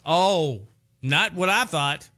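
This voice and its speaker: A man's voice: on the high side, expressive, slow pace, pushed and bright. A man with an Appalachian accent co-hosting a casual podcast chat in a joking, playful way. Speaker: podcast co-host.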